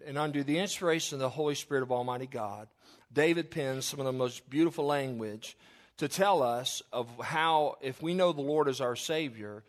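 A male pastor delivers a funeral sermon at a middle pitch. He preaches earnestly and leans into the scripture lines as he reads them aloud.

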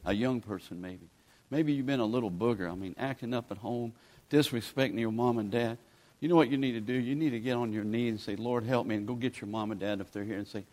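A man's voice: on the low side, brisk, a little mellow. A man, preaching a sermon in a folksy, pleading, conversational way as a guest preacher. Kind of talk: sermon with altar call.

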